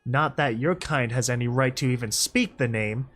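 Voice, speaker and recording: Brief: a man playing a gruff male armored soldier pony, stern and distrustful. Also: mid-range voice, normal speed, fairly bright tone, lightly acted. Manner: stern, accusing.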